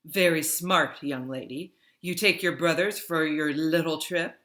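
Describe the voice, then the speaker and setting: A woman voicing a brusque middle-aged female caretaker who speaks loudly in clipped phrases. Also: low-pitched, fairly even intonation, a little slow.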